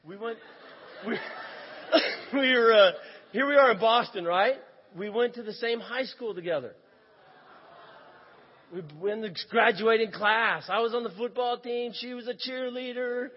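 A man preaching a sermon as an animated storyteller who often breaks into laughter. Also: very high voice, measured pace, pauses often, a little hiss or hum. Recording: echoey hall, dull lo-fi sound.

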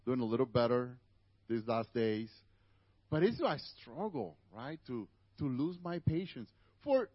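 A man's voice: mid-range voice, expressive, unhurried, no room sound, lo-fi sound. A man with a Spanish accent, native Spanish speaker, preaching a conversational sermon to a church congregation with asides to the listeners.

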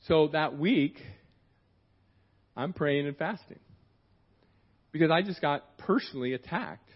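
A man's voice: on the high side, expressive, a little slow. A middle-aged man preaching in church, telling a personal story in a rambling, conversational way with many restarts and acted-out quotes. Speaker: guest preacher. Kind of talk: sermon told as a personal story. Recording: dull, muffled church sermon recording.

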